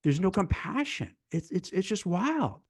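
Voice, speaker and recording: A man's voice: high-pitched, unhurried, husky, no echo, clean studio sound. A man working as a recruiter and hosting a casual live-stream chat, speaking animatedly and stumbling over repeated words as he gets fired up. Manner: animated, acts out dialogue in mock voices, repeats words when fired up. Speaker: recruiter and show host.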